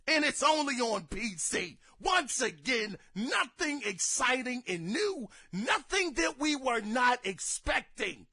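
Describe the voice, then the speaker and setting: A young man hosts a gaming podcast, offering casual commentary that turns into exasperated, theatrical rants and bursts of shouting. His voice sits high.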